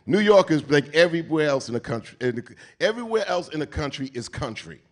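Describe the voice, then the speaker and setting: Animated, profane New York man on stage. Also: on the high side, fast. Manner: animated, preachy, profane, street slang. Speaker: keynote speaker. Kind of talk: onstage conversation. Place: event stage before an audience.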